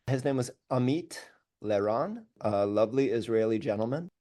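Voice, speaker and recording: Male musician guest, mid-pitched, candid and animated, self-deprecating anecdotes. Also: normal speed. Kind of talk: casual storytelling interview.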